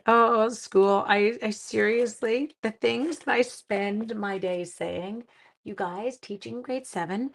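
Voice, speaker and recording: A woman chatting her way through a live-stream card-making demo, self-mocking and talking to herself as she works. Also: medium pitch. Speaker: seventh-grade teacher.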